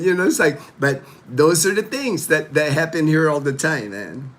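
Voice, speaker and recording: A middle-aged man hosts a casual livestream from his home. His voice sits a little high, and he talks in a loose, rambling way, leaning on "you know" and restarting his sentences. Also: normal speed, hardly any pauses. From Philippines. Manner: rambling, animated, many "you know" fillers. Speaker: livestream host. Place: home in the Philippines.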